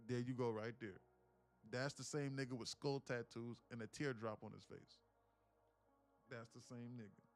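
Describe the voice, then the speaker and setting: A young man hosting a live day-trading stream, talking casually and telling stories in animated, profane slang. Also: mid-range voice, normal speed, soft background music. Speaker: day-trading livestream host.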